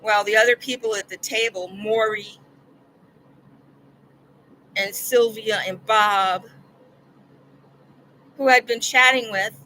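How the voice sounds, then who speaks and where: A woman's voice: mid-range voice, fairly even intonation, slow, pauses often, sharp tone, slight background noise, rough recording. An older woman vlogging, telling a personal story in an earnest, rambling way that repeats words when she gets upset.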